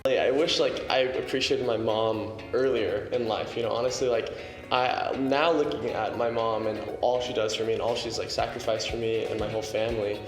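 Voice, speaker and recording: A man's voice: fairly low pitch, fairly even intonation, moderate pace. A young man giving a sincere, reflective interview answer. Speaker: guest, online creator. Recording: roomy hall with music underneath.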